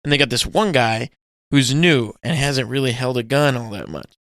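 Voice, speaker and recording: A man co-hosting a podcast, chatting casually and swearing a lot as he retells movie scenes with yelled bits. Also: mid-range voice, moderate pace, dry recording, studio quality. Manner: animated storytelling, swearing, loud acted-out yells. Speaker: podcast co-host. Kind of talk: casual chat.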